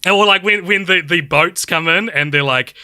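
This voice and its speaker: Man, casual film chat, excitable, laughing, high-ish bright voice, dry sound. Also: normal speed, clean tone, dry recording. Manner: excitable, laughing, heavy use of "like". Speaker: podcast co-host.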